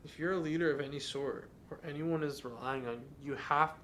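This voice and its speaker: A man's voice: fairly high pitch, a little fast, fairly bright tone, a little hiss or hum. A young adult man hosting a podcast, talking in an earnest, candid and confessional way in a casual monologue. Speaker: podcast host.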